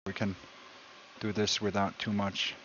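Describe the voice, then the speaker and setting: A man's voice: fairly low pitch, level tone, a little slow, fairly bright tone. Man, casual cooking stream, rambling and jokey, muffled recording, noisy background. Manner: rambling, jokey, repeats himself. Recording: dull lo-fi sound with background noise.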